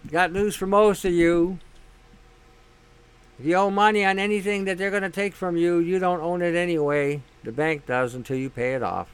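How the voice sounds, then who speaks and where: A man hosts a casual monologue in a high, smooth, clear voice. He talks bluntly, swears freely and leans on sarcasm. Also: steady tone, moderate pace. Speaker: host.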